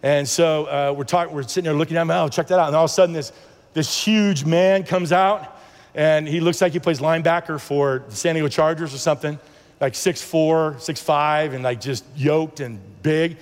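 A man's voice: fairly high pitch, normal speed, long reverb tail. A man telling a personal faith testimony as a sermon, earnest and rambling, with many restarts and acted-out dialogue. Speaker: preacher sharing a testimony.

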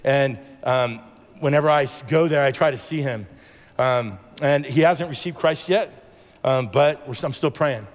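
A preacher with a medium-pitched voice and a moderate pace tells his personal testimony of faith as a sermon, and the sound suggests a big room. He rambles earnestly, often restarting and voicing the people in his story.

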